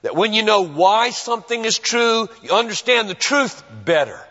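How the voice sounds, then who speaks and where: In a church sanctuary full of long reverb, a male pastor preaches a sermon, his high, animated voice swooping up and down. He sounds earnest and emphatic and relies on long pauses, though the recording itself is dull and muffled.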